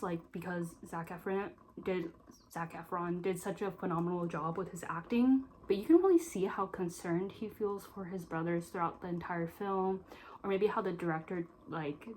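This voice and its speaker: A woman's voice: on the low side, a little mellow, slight background noise, poor audio. Gushing young woman reviewing a film. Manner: emotional and gushing, with heavy use of "like". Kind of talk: casual spoken film review.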